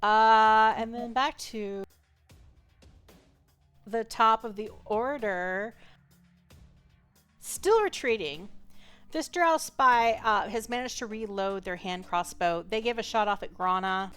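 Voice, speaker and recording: A woman narrating as game master of a tabletop game, relaxed and chatty, with lots of fillers and laughs. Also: fairly high pitch, slow pace, pauses often, smooth, faint music behind.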